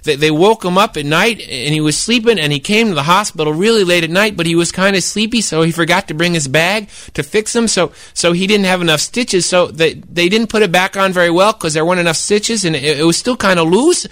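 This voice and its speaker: A man voicing an eager young boy who trips over his words and piles up "and, and" as he rambles through a campfire tale. The voice sits bright and high, recorded close and dry. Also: brisk, hardly any pauses, no echo. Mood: earnest. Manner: stammering, rambling storytelling. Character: eager boy camper telling spooky tales.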